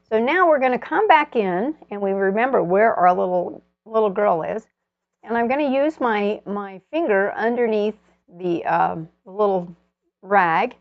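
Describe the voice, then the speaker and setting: Woman, painting instructor, rambling live demo, mid pitch, dry muffled sound. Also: no echo. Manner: chatty, thinking aloud while painting.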